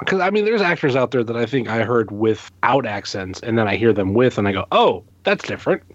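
A man's voice: medium pitch, fairly quick, dry recording, highs cut off. A man in a casual podcast chat, talking hesitantly with many fillers.

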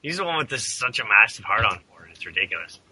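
A man's voice: lowish voice, very animated, fast talker, sharp tone, breathy edge, poor audio. A man co-hosting a podcast, bantering crudely and jokingly. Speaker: podcast co-host. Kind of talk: casual chat.

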